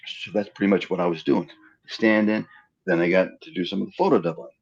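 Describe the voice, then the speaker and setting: A man from Pennsylvania telling stories as an interview guest in a casual chat. He acts out the dialogue in his stories with lively voices. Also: low voice, fast talker, creaky, slightly rough, lo-fi sound. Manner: animated storyteller acting out quoted dialogue.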